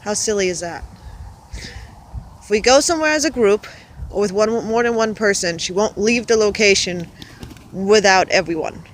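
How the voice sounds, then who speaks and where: A woman's voice: mid-range voice, normal speed, long pauses. A woman from Arizona chatting outdoors on a windy day, cooing to her pet goose in sing-song baby talk. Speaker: pet goose owner vlogging. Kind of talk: casual chat to camera and pet. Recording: wind noise outdoors. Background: wind gusts.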